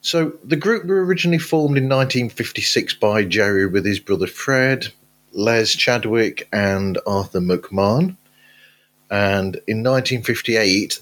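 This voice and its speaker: A man co-hosts a podcast and walks through band history with chatty asides. His voice sits on the low side. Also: fairly bright tone. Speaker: podcast co-host. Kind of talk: casual chat.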